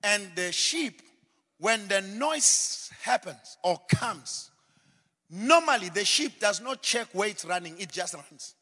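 High-voiced preacher in a reverberant hall. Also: male voice, animated, takes it slowly. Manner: dramatic, acts out scenes, builds to shouted refrains. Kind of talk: sermon.

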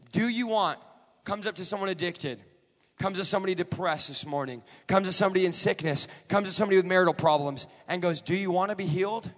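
High-voiced preacher, shouting in a hall. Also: male voice. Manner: builds from joking asides to shouted, rhythmic preaching. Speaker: guest preacher. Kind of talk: sermon. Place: large church.

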